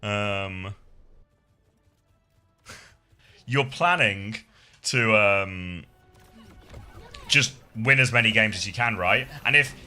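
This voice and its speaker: Sleepy, swearing caster. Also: male voice, fairly low pitch, drawn-out words, long pauses, sharp tone, soft background music. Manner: rambling, profane, laughs often. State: tired after little sleep. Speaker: esports caster. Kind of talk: casual commentary chat.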